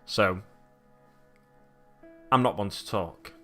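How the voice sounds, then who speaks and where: A man's voice: on the low side, takes it slowly, fairly bright tone, faint music behind. A man chatting casually on a live stream at his hobby desk, reading the chat aloud and rambling along. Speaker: miniature-painting streamer.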